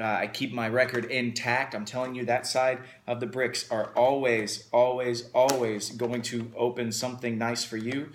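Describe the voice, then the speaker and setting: A man's voice: mid-range voice, a bit bright. A man hosting a casual unboxing video, talking with upbeat enthusiasm. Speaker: host.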